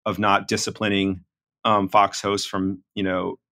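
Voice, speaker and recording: Man with a bright, forceful low voice. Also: flat delivery. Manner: measured, analytical, with many fillers. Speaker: reporter and podcast co-host. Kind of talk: conversational podcast discussion.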